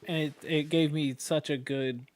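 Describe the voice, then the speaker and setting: A young man in his twenties wanders from story to story in a loose, profanity-laced podcast chat. His voice sits a little higher than most men's. He talks with easy, offhand humor. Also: steady tone, moderate pace. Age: 20s. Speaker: podcast co-host. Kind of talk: casual chat.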